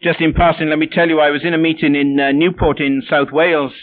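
A man's voice: on the high side, level tone, quick pace. A man preaching a sermon, telling personal stories in a wry, self-deprecating way. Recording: tinny phone-like sound.

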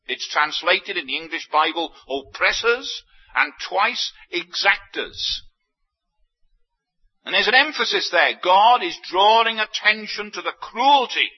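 A man preaching a sermon, emphatic, with big swings in pitch and loudness. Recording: dull lo-fi sermon recording.

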